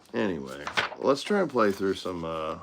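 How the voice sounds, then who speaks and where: A man's voice: sits low, vocal fry, background noise. A man hosting a guitar livestream, chatting casually and rambling, trailing off and restarting often with frequent chuckles.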